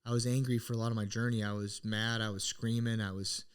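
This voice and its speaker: A man's voice: fairly low pitch, level tone, fast talker, clean tone. Earnest reflective man telling a story. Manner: earnest, reflective, full of restarts. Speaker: podcast co-host. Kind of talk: casual personal storytelling.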